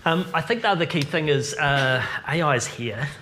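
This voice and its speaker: Kiwi man presenting a tech seminar, relaxed and chatty, light noise behind. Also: a little high, moderate pace. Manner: casual, chatty, lots of ums. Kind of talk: live seminar Q&A.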